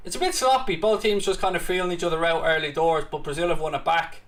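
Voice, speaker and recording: Cheeky British man with a higher voice. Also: steady tone, quick pace. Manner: cheeky, bantering with viewers in chat. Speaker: watchalong host. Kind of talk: live watchalong chat with play-by-play commentary.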